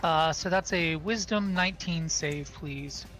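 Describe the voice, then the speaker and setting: A player at a tabletop game, slowly thinking aloud through choices. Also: mid-range voice, a bit bright, soft background music.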